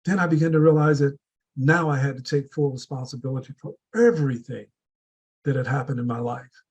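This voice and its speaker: A man's voice: mid-range voice, a little fast, a little mellow, breathy edge, rough recording. A man giving a prepared motivational speech at a public speaking club, earnest and building with repeated rhetorical questions.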